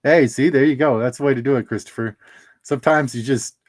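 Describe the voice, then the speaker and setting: A man's voice: mid-range voice, brisk. A middle-aged man hosting a casual livestream, chatting and laughing at his own jokes while opening trading cards.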